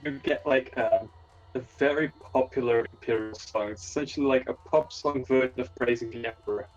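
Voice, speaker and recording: A man's voice: mid-range voice, steady tone, fairly quick, lo-fi sound, faint music behind. A man running a tabletop game as game master, casually explaining rules with hesitant restarts.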